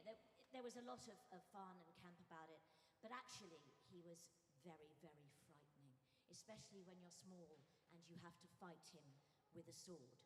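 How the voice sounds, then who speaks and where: An older woman giving an anecdotal tribute speech at a memorial service, telling stories in a lively way and acting out moments. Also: on the low side. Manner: animated storyteller who acts out moments. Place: large church. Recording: echoey church hall with faint music.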